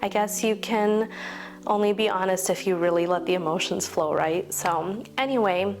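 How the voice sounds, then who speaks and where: A woman's voice: medium pitch, moderate pace, slight background noise. A woman in her forties chatting casually to camera as a vlogger, rambling and heartfelt, laughing often and getting teary. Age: 40s. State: teary, emotional.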